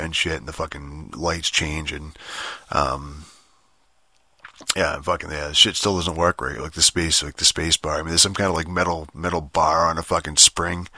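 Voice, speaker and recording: Man, very low voice, forceful and tense, profane rambling gamer rant, dry close sound. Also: dry recording. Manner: profane, rambling, laughs often. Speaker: gaming vlogger. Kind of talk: casual rant.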